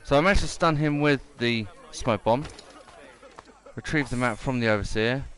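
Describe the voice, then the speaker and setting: A man's voice: mid-range voice, normal speed, a bit bright. A man giving casual, rambling gameplay commentary and reading mission text aloud.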